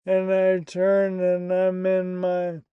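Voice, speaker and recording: A man telling a personal story in a candid, profane monologue, slow and matter-of-fact. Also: high voice, monotone, smooth, dry recording, lo-fi sound. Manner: slow, candid and profane, recounting an upsetting event.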